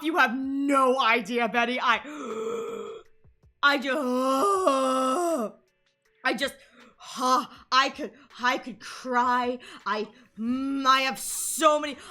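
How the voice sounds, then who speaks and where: A woman livestreaming a game with a bright, forceful voice, gasping and going off on passionate rants. Game music plays faintly behind her. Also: sits high. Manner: excitable, gasping and ranting. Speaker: streamer. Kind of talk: live gameplay commentary.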